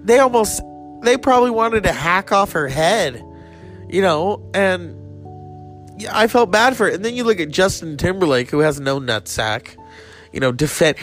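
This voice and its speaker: A man's voice: sits high, lively intonation, normal speed, fairly bright tone, faint music behind. A man hosting his own show, ranting crudely and rambling in casual comedy style.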